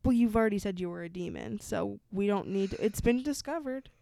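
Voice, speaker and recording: Sarcastic woman with a gravelly voice. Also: mid-range voice, fast, dark tone, no echo. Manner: sarcastic, swears, laughs often. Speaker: podcast co-host. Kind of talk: casual true-crime chat, reading a letter aloud.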